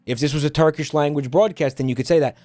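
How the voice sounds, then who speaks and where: A man's voice: a little high, quick pace, mellow, dry recording, faint music behind. A man streaming and ranting at his chat, exasperated and swearing often. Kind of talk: casual stream rant.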